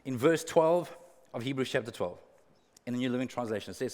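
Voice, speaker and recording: Pastor preaching in a reverberant church. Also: male voice, mid-range voice, expressive, fairly quick, darkish tone. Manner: earnest, repeats words for emphasis, humorous asides. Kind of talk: sermon. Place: church auditorium.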